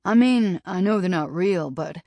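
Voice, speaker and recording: A woman's voice: on the low side, expressive, moderate pace, warm tone, dry recording, pitched above the performer's own voice. A woman voicing a nervous, eager young man on the frontier, in an audiobook. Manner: eager, jittery.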